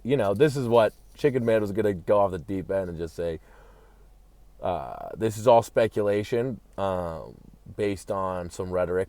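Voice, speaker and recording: A man's voice: lowish voice, normal speed, warm tone, no room sound. A man in a manic, profane comedic rant, rambling and calling himself by a nickname in the third person. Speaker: comedic commentator.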